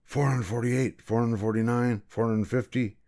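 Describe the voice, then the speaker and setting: A man's voice: mid-range voice, steady tone, moderate pace, dark tone, lightly acted. A man voicing a weary, fussy old royal scribe in a storybook reading, counting in a tired, plodding way.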